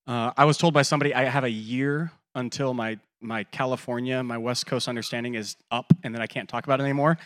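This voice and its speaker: A man in his thirties delivers a sermon as a pastor. His voice sits in an ordinary middle range. He tells stories with energy and puts on quick voices for the people he quotes, dropping soft and then rising loud again. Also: medium pitch. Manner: animated storytelling with quoted voices, swings between loud and quiet.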